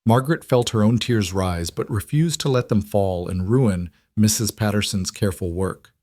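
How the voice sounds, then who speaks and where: Low-voiced male storyteller. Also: moderate pace, a little mellow, dry recording, studio quality. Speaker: narrator. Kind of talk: scripted narration.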